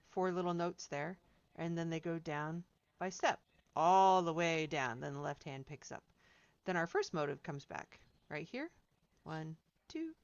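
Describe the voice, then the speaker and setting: A woman's voice: on the low side, no room sound, lo-fi sound. A woman piano teacher giving chatty, encouraging feedback to students in a seminar, singing out rhythms as she explains.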